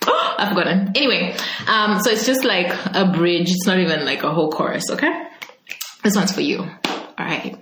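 A woman's voice: on the low side, normal speed, a bit bright, a little hiss or hum. Chatty woman podcast host, roomy sound. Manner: chatty, laughs often, breaks into singing. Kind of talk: casual podcast intro and Instagram Live chat.

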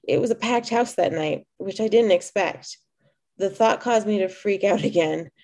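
Mellow woman reading her own story. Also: medium pitch, normal speed. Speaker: author and poet, guest.

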